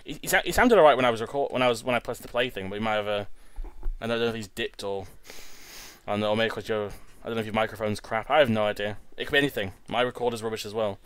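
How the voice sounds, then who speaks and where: A man's voice: fairly low pitch, quick pace, fairly bright tone, clean tone, no room sound. A young man in his twenties hosting a let's-play, rambling casually and tripping over his words. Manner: chatty, rambling, stumbles and repeats words. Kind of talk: casual gameplay commentary. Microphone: home recording setup.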